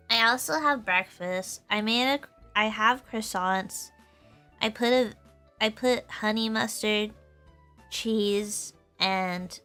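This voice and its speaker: A woman streamer chatting casually with her viewers in a high, girlish voice, giggling often and filling her talk with "like". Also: bright, forceful tone. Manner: giggly, laughs often, full of "like" fillers.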